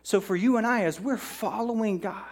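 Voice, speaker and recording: A man preaching a relaxed, conversational sermon to a congregation in a church. He talks like he's chatting and often tosses in "right?" to check in with the room. Now and then he acts out bits of dialogue. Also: high-pitched, normal speed. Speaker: pastor.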